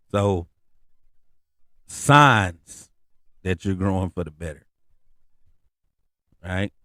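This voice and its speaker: Animated, slangy man telling stories. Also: no room sound, studio quality. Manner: animated, slangy storytelling with rising pitch on asides. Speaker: podcast host. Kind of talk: casual comedic monologue.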